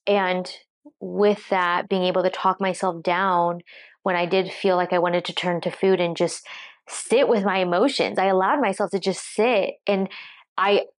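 A woman fitness coach, tearful, speaking reflectively to the camera with halting restarts. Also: fairly low pitch, fairly even intonation. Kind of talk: emotional talk to camera. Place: seated at home.

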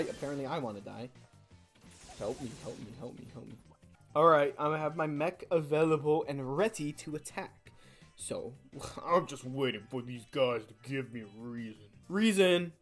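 Young woman, gaming host, casual commentary, jokey and self-mocking, low pitch, lively intonation.

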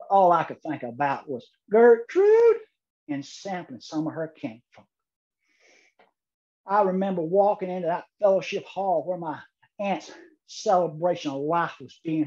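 A man giving a humorous keynote speech, telling a story deadpan with dramatic pauses. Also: on the high side, highs cut off. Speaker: keynote speaker.

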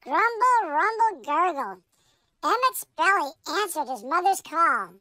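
Squeaky pug host, storybook read-aloud, very slow, dry booth. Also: sing-song, pushed and bright, dry recording, exaggerated voice. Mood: cheery. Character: chipper pug radio host. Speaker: host reading a picture book.

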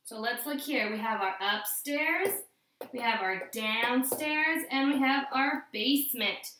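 A woman's voice: fairly high pitch, measured pace, pushed and bright, a little hiss or hum. A woman teaching a recorded phonics lesson to young children, sing-song and encouraging as she sounds out syllables. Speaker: kindergarten teacher. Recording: echoey room.

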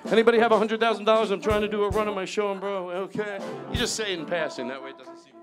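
Guy doing stand-up, high voice, animated and chatty, band playing in the club. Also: very fast. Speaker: stand-up comedian. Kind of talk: live stand-up set. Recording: live club set with band music. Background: band music and audience laughter.

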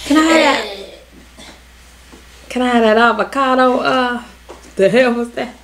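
A woman's voice: a little high, unhurried, background noise. A young woman hosting a reaction video, talking in casual slang, swearing and laughing as she comments and snacks.

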